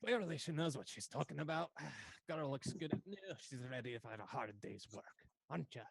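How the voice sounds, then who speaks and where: A man voicing a knowing male dwarf doctor, speaking low and quietly. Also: big pitch swings, a little fast, vocal fry, breathy edge, dry recording, exaggerated voice. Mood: sage. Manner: low, quiet, sage muttering.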